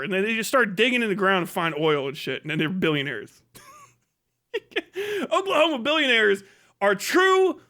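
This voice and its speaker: A man's voice: high voice, fairly bright tone. A man hosting a livestream, ranting crudely and mockingly, laughing often. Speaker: livestream host. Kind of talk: profane comedic rant.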